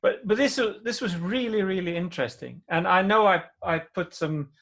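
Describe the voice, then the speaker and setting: A man from Sweden, speaking earnestly and haltingly as a guest on a video call. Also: sits high, vocal fry, fairly bright tone. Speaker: stream guest.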